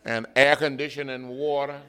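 A man in a church preaching a sermon, animated, rising to shouts and chuckling between points. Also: medium pitch, fairly quick, clear, resonant tone. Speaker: guest preacher.

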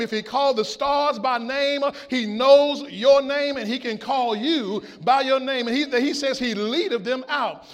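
A male pastor preaching a sermon, reading scripture and asking the congregation to fill in words. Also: extremely high pitch. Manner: call-and-response preaching, drawn-out scripture quotes.

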